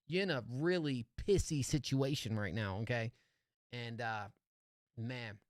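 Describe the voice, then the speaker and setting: A man's voice: mid-range voice, no room sound. Chill guy streamer reacting to songs, slangy, keeps saying dog, dry close mic. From California. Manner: laid-back slangy banter, calls people dog. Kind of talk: casual stream commentary.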